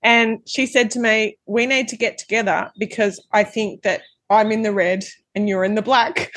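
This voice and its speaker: A woman's voice: medium pitch, no room sound. A woman co-hosting a podcast, teasing her friend in a chatty, storytelling way. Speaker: podcast co-host. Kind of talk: casual chat.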